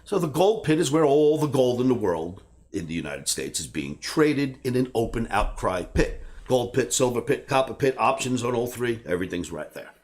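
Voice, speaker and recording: A man in his sixties, a trading educator, telling a personal story in an animated way and bursting into shouts when he acts out scenes. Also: mid-range voice, normal speed.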